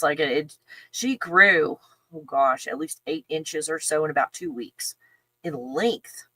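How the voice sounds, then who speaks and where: A woman's voice: lowish voice, pushed and bright, no room sound. A middle-aged woman chatting casually on a livestream in a rambling way, laughing often and talking to her dog. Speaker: channel host.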